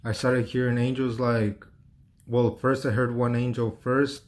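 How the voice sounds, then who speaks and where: A man's voice: mid-range voice, level tone, measured pace. A man telling a personal story in a loose, rambling way, full of fillers, restarts and swearing.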